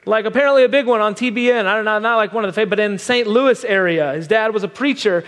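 A man preaching from a stage, telling a story in an animated, self-deprecating way, on a microphone in a large hall. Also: sits high, quick pace. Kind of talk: sermon storytelling. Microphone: wearing a microphone. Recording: long hall reverb.

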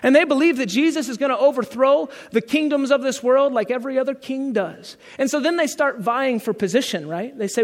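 High-voiced pastor preaching in a reverberant hall. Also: male voice, fairly quick, hardly any pauses. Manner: conversational preaching with rhetorical questions. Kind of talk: sermon.

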